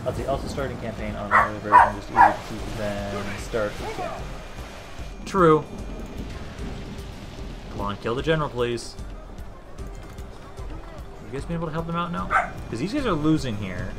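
A young man from Minnesota live-streaming a strategy game, chatting casually with viewers and cursing now and then. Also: mid-range voice. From Minnesota, USA. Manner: chatty and laid-back, swears casually, talks to chat and units. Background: game battle music.

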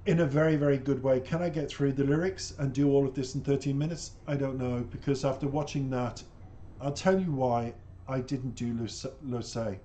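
Man, music reactor, casual commentary, emotional, exclamatory, repeats himself, medium pitch, faint background hum. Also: moderate pace, mellow.

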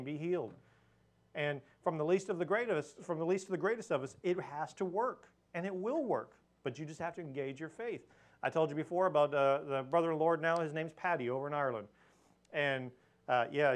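A man giving an earnest, conversational church lesson, telling stories and stressing points of faith. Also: on the high side. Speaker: church teacher. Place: church hall with pulpit.

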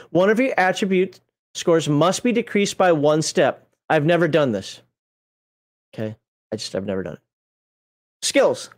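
Casual GM on a livestream: loose, rambling, corrects themself mid-sentence, tosses in wry jokes. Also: medium pitch. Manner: rambling, self-correcting, conversational; folksy, jokey asides. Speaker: game master explaining rules. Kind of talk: casual livestream rules walkthrough.

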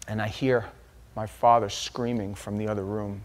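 A male pastor giving an impassioned sermon, swinging from hushed confession to loud emphasis. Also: fairly low pitch, little pitch movement, moderate pace, crowd noise.

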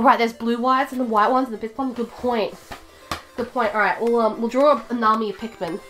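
A woman's voice: fairly high pitch, fairly bright tone. A woman live-streaming from home, chatting casually and rambling with many fillers and restarts. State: out of breath.

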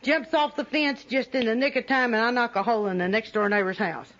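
High-voiced woman telling funny stories. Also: steady tone, fairly quick, heavy background noise. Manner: humorous, self-mocking, laughs often while telling. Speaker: recovery meeting speaker. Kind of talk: personal storytelling to a meeting. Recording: dull lo-fi recording with faint audience.

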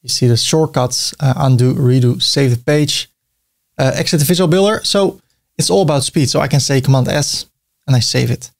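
Relaxed man narrating a software tutorial. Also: medium pitch, moderate pace, vocal fry. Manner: relaxed, thinking aloud while clicking. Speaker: web design tutor. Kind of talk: screen-recorded software tutorial.

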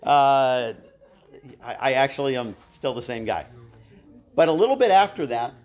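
A man's voice: mid-range voice, expressive, moderate pace, a little mellow. A middle-aged man teaching a live church Bible class, telling personal stories in a chatty, self-deprecating way with asides to his listeners.

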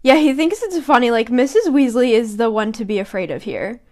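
A woman's voice: on the high side, expressive, brisk, a little mellow. A young woman co-hosting a podcast, chatting casually about a book and giggling as she reads quotes aloud in voices. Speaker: podcast co-host.

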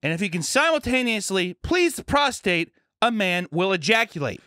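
A man's voice: high voice, big pitch swings, normal speed, sharp tone, dry recording, clean studio sound, voice pushed up, full character voice. A man imitating a blunt female health teacher who rants frankly through a lecture. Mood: ranting, blunt.

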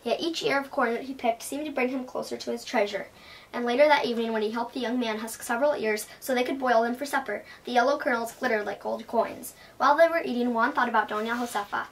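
A woman reading a children's story aloud at a bookstore with an expressive read-aloud delivery. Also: on the high side, quick pace. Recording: voice from a distance.

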